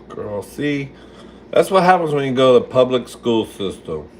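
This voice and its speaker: A man's voice: medium pitch, sing-song, measured pace, slight background noise. A man hosting a casual livestream from his kitchen while he cooks, answering viewer comments in a sassy, foul-mouthed way and calling everyone "girl.". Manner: sassy, swears a lot, calls viewers "girl". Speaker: livestream host. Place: home kitchen.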